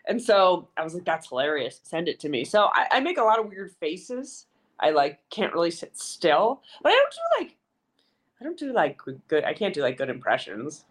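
A woman's voice: on the low side, huge pitch swings, moderate pace. Bubbly, chatty woman guest. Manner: bubbly, self-deprecating, lots of "like". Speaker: sports reporter, guest. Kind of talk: casual chat.

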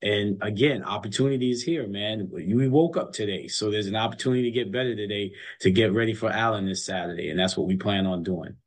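A man's voice: fairly low pitch, fairly quick, few pauses. A middle-aged man, a college basketball coach, telling stories emphatically in a casual interview and repeating words as he builds a point.

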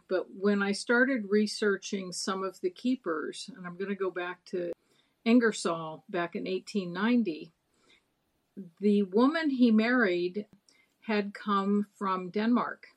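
A woman's voice: mid-range voice, measured pace. A middle-aged woman, a docent and interview guest, telling stories in a chatty, meandering way with many fillers. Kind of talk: casual interview storytelling.

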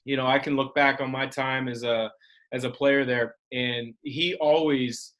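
A man hosting a podcast, a former player, speaking in a measured, reflective way with some fillers. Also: medium pitch, steady tone, fairly bright tone. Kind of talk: casual interview chat.

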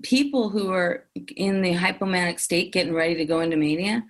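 A woman's voice: on the low side, brisk. A woman in her fifties, an interview guest telling her own story candidly and emphatically, with many fillers and repeated phrases. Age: 50s.

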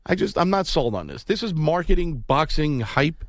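A man's voice: on the high side, sing-song, moderate pace, no echo. A man co-hosting a boxing podcast, giving blunt, emphatic opinions in casual chat.

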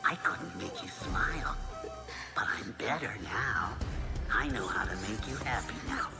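An actor voicing a calm, menacing male robot doll from a horror film, speaking slowly in a soft, eerily even tone. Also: lowish voice, over music.

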